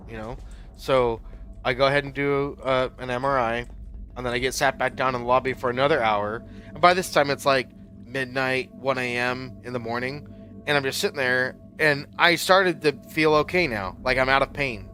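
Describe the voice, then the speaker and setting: A man's voice: mid-range voice, steady tone, normal speed, pushed and bright, soft background music. A young man casually telling a long personal story while playing a game, rambling with many fillers and getting worked up. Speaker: Minecraft YouTuber.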